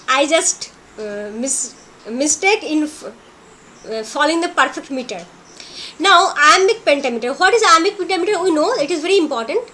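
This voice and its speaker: A woman with a very high voice gives a literature lesson in a chatty, informal way. Her English is non-native in grammar, and she often restarts or corrects a word mid-sentence. When explaining, she slows right down to count syllables and feet. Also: fairly bright tone. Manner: conversational lecturing, with frequent self-corrections and restarts. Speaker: literature teacher. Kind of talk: classroom lecture.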